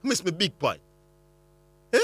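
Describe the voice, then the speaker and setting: A man's voice: sits high, normal speed, no room sound. A Jamaican man hosting sports talk radio, arguing heatedly, repeating and tripping over his words. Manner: animated and argumentative, stumbles and repeats words.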